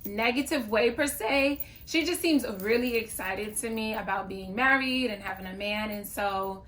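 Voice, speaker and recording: A woman's voice: medium pitch, moderate pace, fairly bright tone. A woman talking to camera in a casual reaction vlog, chatty and opinionated, with playful asides. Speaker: YouTuber reviewing a reality show.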